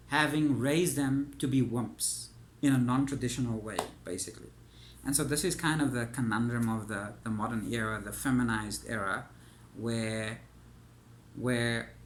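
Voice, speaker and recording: Male coach, mid-pitched, rambling lecture full of fillers and restarts. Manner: halting, filler-heavy, says "you know" constantly. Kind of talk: monologue.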